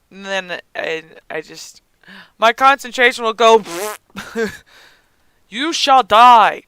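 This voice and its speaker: A young man with the hiccups talks through a game at a slow, unhurried pace, his voice bright and smooth. He gasps, yelps and chats to the characters on screen, and the sound is dry and close. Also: high voice, dry recording. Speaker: let's play gamer. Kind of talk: gameplay commentary.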